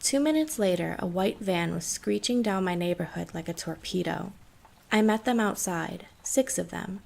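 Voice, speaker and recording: A woman narrating a scripted horror story in a steady, measured way. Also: fairly low pitch, gravelly.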